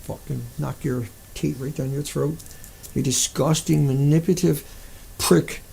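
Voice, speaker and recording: Gravelly, furious ranting man. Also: a little high, steady tone, unhurried, mellow, slight background noise. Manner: furious, profane, insulting. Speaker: video blogger. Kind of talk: angry profane rant to camera.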